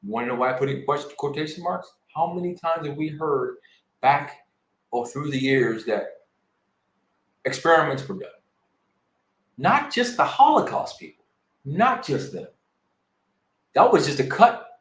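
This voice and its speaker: A man in his forties with a fairly high voice, making his points in an emphatic, worked-up way. The recording sounds echoey, like a bare room. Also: animated, normal speed, long pauses, a bit bright. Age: 40s. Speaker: podcast co-host. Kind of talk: casual podcast discussion.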